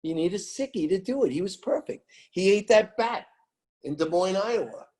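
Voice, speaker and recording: A man's voice: high voice, lively intonation, moderate pace, a little mellow. An American man telling music-business stories in an interview, emphatic and rambling, repeating his phrases. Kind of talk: animated storytelling interview.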